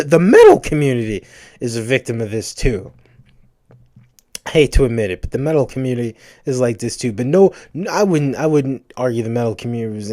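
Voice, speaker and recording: A man's voice: mid-range voice, dark tone, dry recording, clean studio sound. A tired man ranting, profane and rambling, full of false starts and repeated words. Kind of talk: ranting to camera.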